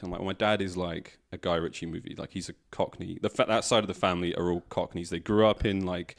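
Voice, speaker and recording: A young man from England, chatting as a guest comedian on a podcast. His voice sits on the low side, and he tells his stories animatedly, slipping into quoted voices. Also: fairly even intonation, quick pace, few pauses. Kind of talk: casual podcast chat.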